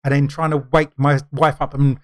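A middle-aged man in casual chat as a podcast co-host, talking in a rambling, halting way full of fillers and restarts. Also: mid-range voice, flat delivery.

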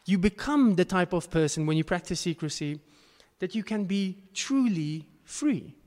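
A man's voice: high voice, animated, moderate pace, darkish tone. Earnest man preaching in a reverberant hall. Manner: earnest, rising to emphatic bursts. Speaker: pastor. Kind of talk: sermon.

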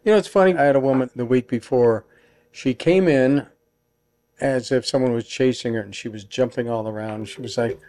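A quiet, soft-spoken man hosting a casual podcast conversation. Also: mid-range voice, brisk, no room sound. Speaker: podcast host.

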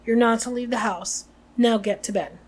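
A woman reading aloud the lines of a stern, anxious middle-aged aunt in a brisk, snappish way. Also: a little high, steady tone, lightly acted.

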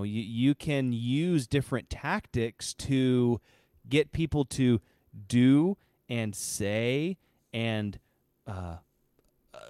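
In a dry, studio-quality recording, a man co-hosting a podcast rambles through casual conversation, often restarting and using fillers. His voice is mid-range with a darkish tone.

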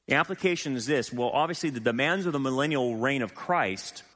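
A man's voice: medium pitch, brisk. Male pastor preaching in a reverberant hall. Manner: animated, rhetorical questions to the congregation. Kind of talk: sermon. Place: church sanctuary.

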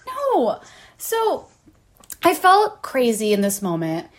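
A woman's voice: on the high side, wildly swooping pitch, takes it slowly. A woman in her late thirties hosting a podcast, telling a story candidly with frequent laughs. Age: 30s. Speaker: podcast host. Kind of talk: casual podcast chat.

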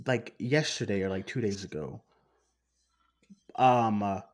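A man's voice: lowish voice, measured pace. A man co-hosting a podcast in casual chat, rambling and repeating himself as he gets worked up. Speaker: podcast co-host.

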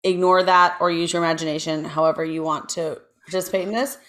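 A woman's voice: on the low side, steady tone, fast, a crowd in the background. A woman co-hosting a podcast, casually telling a true crime story with lots of asides. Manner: chatty, lots of ums and asides, reads from notes. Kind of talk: casual chat.

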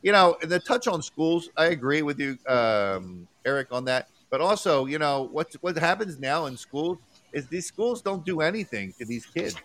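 A man's voice: fairly high pitch, big pitch swings, moderate pace, hardly any pauses, a bit bright. A man hosting a casual podcast chat, emphatic and agreeable, swearing freely.

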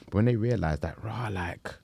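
A man, telling a story in a casual interview, animated and slangy. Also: lowish voice, moderate pace, vocal fry, slightly rough. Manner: animated, slangy, acts out quotes. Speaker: travel group founder.

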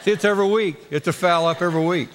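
A man's voice: sits high, very fast, big-room sound, noisy background. A man preaching a sermon, leading call-and-response and drawing out his phrases for drama. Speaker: pastor.

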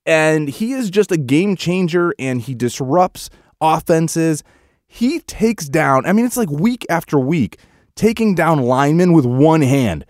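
A man co-hosting a casual sports chat, excitable and swinging between frustration and hype as he recaps a game. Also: fairly high pitch, a little slow, no room sound, clean studio sound. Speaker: sports podcast co-host.

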